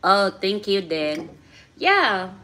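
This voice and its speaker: A woman's voice: medium pitch, sing-song, extremely slow, sharp tone. A woman hosting a casual livestream, chatting and laughing often, speaking as a with simple, repeated phrasing. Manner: chatty, laughs often, repeats words, non-native grammar. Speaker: livestream host.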